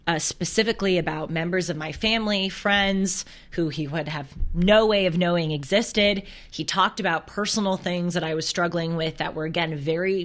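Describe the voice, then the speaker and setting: A young woman hosting a casual faith talk on camera, telling stories earnestly with small restarts. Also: on the low side. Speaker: host. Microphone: camera close to her.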